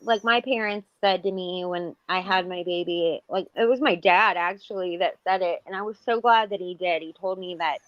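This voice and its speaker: A woman's voice: fairly low pitch, moderate pace, hardly any pauses, no room sound. Woman, 40s, podcast co-host; loose rambling chat full of fillers, muffled lo-fi sound. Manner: rambling, many fillers and restarts. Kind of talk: casual chat. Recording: dull lo-fi audio.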